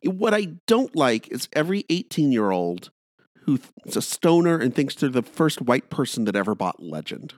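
A man's voice: medium pitch, very animated, normal speed, a little mellow, no room sound, clean studio sound. A man co-hosting a casual chat podcast, ranting with opinionated, sarcastic energy. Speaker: podcast co-host.

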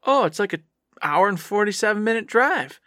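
Bright-voiced excitable man chatting. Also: high voice, normal speed, no echo, clean studio sound. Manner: excited, rambling storyteller. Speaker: podcast co-host. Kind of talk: casual chat.

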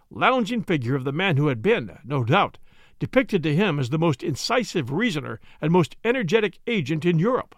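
A man giving measured, expressive scripted narration of a story. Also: a little high, dry recording, clean studio sound. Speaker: audiobook narrator.

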